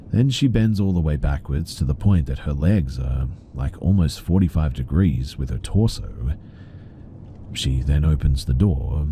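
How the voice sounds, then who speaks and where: Male horror narrator, extremely low and dark voice, calm measured scripted read. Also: a little hiss or hum. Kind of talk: scripted first-person story narration.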